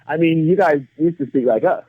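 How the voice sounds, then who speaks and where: Over-articulating English actor. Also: male voice, on the high side, brisk, no room sound, narrow, tinny audio. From England. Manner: over-articulates, chatty with frequent laughs. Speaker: guest actor. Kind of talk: casual interview chat.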